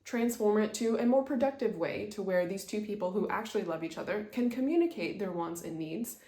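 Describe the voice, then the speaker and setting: Expressive and fairly quick, a warm, medium-pitched woman's voice carries this instructional talk. She is a communication skills presenter who earnestly illustrates her ideas with stories, heard in an echoey room.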